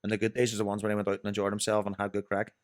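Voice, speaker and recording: A man's voice: lowish voice, monotone, racing, dry recording, studio quality. A young Northern Irish man telling rambling, sweary stories as a podcast guest. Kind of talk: casual chat.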